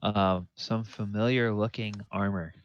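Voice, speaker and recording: A man narrating as game master of a tabletop game, unhurried, with fillers and pointing at the map. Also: on the low side, fairly even intonation, clean tone, lo-fi sound.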